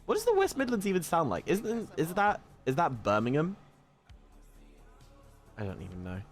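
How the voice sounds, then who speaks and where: A chatty man from the south of England with a southern English accent, reading comments to his stream. His voice is very lively and swings often into excited squeals, and he trips into restarts as he talks. Soft music plays faintly underneath. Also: moderate pace. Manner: animated, jumps to high excited squeals; stammering restarts. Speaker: livestreamer. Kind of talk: casual chat reading live comments.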